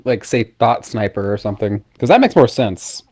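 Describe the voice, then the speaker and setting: A man's voice: medium pitch, sing-song, moderate pace, a little mellow, no room sound, studio quality. A man chatting casually beside the streamer in a teasing, playful way. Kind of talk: casual chat.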